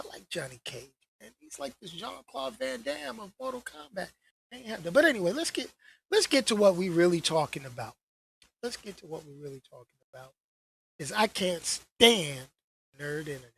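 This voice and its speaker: A man with a husky, slightly breathy voice rants straight to camera on his own channel. His pitch swings widely as he gets worked up. He talks in loose slang and hammers points home by saying them twice. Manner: animated, slangy, repeats phrases for emphasis. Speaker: channel host. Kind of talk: casual rant to camera.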